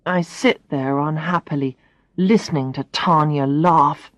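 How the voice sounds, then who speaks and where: A woman reading a first-person story aloud for English learners, clearly and expressively. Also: deep voice, steady tone, takes it slowly, dry recording. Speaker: audiobook reader.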